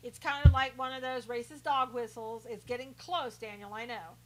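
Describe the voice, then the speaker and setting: A woman's voice: a little high, fairly even intonation, normal speed, a little mellow, poor audio. A woman hosting a live stream, chatting casually and sarcastically as she reads out viewer comments, often laughing.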